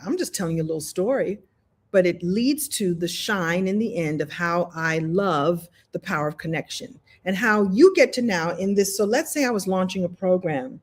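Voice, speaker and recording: A husky-voiced woman talks on a live video call as host of a coaching challenge. She is animated and playful, acts out other people's voices in her stories, and laughs easily. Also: on the low side. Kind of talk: live online workshop talk, storytelling.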